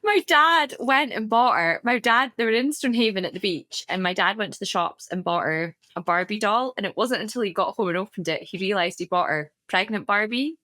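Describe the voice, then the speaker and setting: Mum, 30s, chatty podcast co-host, animated storyteller, dry sound. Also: female voice, medium pitch, a little fast, few pauses, dry recording. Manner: animated storyteller, laughs often. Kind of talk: casual storytelling chat.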